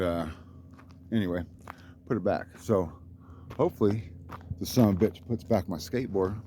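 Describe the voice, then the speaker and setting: A man with a lowish voice rambles through a profane story about his own life. He sounds boastful and worked up, and his pitch leaps up whenever he quotes someone else. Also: warm tone, a little hiss or hum. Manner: rambling, profane and boastful, voice jumps up when quoting others. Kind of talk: rambling monologue.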